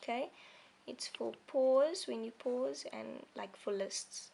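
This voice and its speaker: A woman's voice: on the high side, takes it slowly, creaky, mellow, slight background noise. A woman teaching a lesson to young children, explaining things simply and patiently and often checking in with "okay?". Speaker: primary school teacher.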